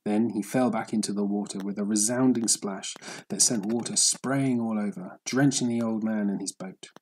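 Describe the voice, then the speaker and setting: A man narrating a story in a steady, measured audiobook reading. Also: on the low side, husky, rough recording.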